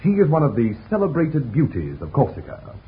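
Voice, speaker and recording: Bubbly young corsican son, bouncy pitch, tinny old radio. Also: male voice, huge pitch swings, a little fast. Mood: jovial. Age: young adult. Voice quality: eager, laughing manner. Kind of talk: 1940s radio acting.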